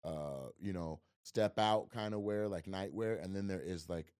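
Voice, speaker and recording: A man doing crowd work as a stand-up comedian and podcast host, talking loudly, laughing, and mimicking voices. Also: low voice, a little slow, smooth. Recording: roomy live venue, crowd noise, far from mic.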